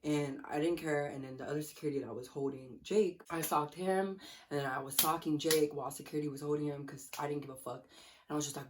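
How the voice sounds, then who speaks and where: A woman's voice: sits low, brisk, a little hiss or hum. A young woman vlogger telling a story casually while eating, swearing a lot and acting out what people said. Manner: profane, animated, acts out quotes.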